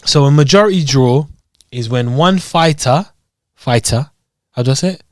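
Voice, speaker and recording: A young man co-hosting a podcast, chatting casually and explaining fight results in an animated way. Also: mid-range voice, normal speed, no echo, studio quality. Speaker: podcast co-host. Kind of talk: casual chat.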